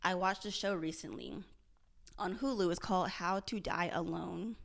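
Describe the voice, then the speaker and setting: A woman's voice: lowish voice, normal speed, vocal fry. A young woman vlogging candidly about her struggles, earnest and self-searching, often repeating and restarting her phrases. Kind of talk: candid confessional vlog.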